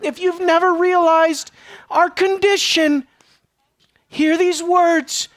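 A woman preaching a sermon with passion, dropping to a hush and then rising loud, at times out of breath. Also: very high voice, steady tone, takes it slowly, no echo. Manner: impassioned, swings from hushed to loud.

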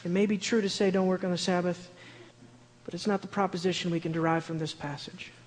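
High-voiced man preaching in a reverberant hall. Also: fairly even intonation, brisk, a little hiss or hum. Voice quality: high-pitched voice. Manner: earnest, builds to loud emphatic declarations. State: shaky. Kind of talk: sermon.

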